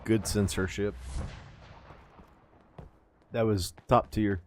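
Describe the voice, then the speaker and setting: A man's voice: fairly low pitch, steady tone, slow pace, darkish tone, slight background noise. A man streaming a game, chatting casually and joking at his own expense. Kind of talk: casual live-stream chat while playing.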